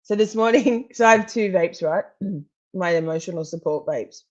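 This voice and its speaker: A woman's voice: lowish voice, normal speed, a little mellow, muffled recording. A woman rambling and laughing as she chats casually on a live stream, swearing freely. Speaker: true crime streamer. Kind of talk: casual live-stream chat over court footage.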